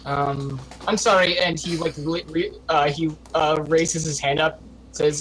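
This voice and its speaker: A man's voice: fairly high pitch, fairly even intonation, unhurried, fairly bright tone, low-quality recording. A man playing in a tabletop game, talking casually with lots of rambling and laughter. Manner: rambling, self-correcting, laughing. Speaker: player.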